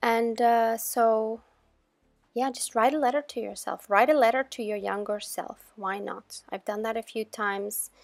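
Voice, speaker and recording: A woman hosting a crafting channel, talking viewers through her project in a chatty, relaxed voice-over. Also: a little high, a little slow, gravelly, no room sound. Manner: chatty and relaxed, with gentle laughs. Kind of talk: casual tutorial voice-over.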